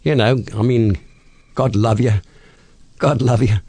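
A man's voice: mid-range voice, unhurried, dark tone, slightly rough, dry recording. A man voicing a cheery Cockney man with a chirpy, folksy manner and a Cockney accent.

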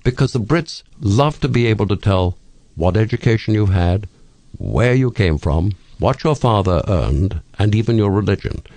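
A man's voice: fairly low pitch, normal speed, no room sound. An older man from England with a British accent, telling witty stories as a radio guest in a studio. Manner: storytelling, witty, expressive. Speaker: radio talk host, guest. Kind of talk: radio interview.

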